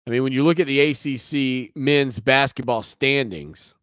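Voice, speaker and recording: A man's voice: medium pitch, normal speed, a bit bright, clean tone, dry recording, clean studio sound. A man hosting a sports talk radio show, talking through the news in a conversational, opinionated way with teasing asides.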